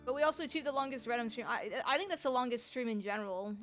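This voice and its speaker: A woman's voice: fairly high pitch, rapid-fire, a bit bright, faint music behind. A woman streamer chatting casually with her viewers about her role-play character, swearing freely. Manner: chatty, swears, talks to chat.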